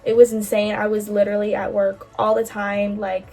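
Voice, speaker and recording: A woman's voice: medium pitch, level tone, normal speed, dark tone, recorded from a distance. Chatty young woman, slightly off-mic. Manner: candid and chatty, heavy filler "like", swears freely. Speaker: bracelet-making vlogger. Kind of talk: casual storytime chat. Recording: voice a bit off-mic, faint music behind.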